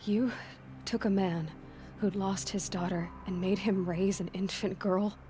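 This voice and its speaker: A woman's voice: mid-range voice, steady tone, measured pace, dark tone, faint music behind, natural voice. A woman voicing a young, independent huntress who talks in a direct, wry way over game score. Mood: pointed.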